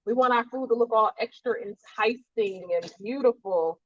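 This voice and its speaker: A woman's voice: on the high side, moderate pace, highs cut off. A woman with a fading New Jersey accent hosting a live cooking demo, chatting with viewers as she cooks. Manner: upbeat, chatty, reads viewer comments. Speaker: cooking show host.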